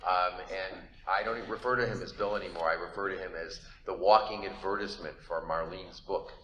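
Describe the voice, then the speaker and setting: A man's voice: low-pitched, steady tone, brisk, a bit bright, slight background noise. A man introducing a guest speaker at a conference, friendly and admiring. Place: lecture hall. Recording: echoey hall.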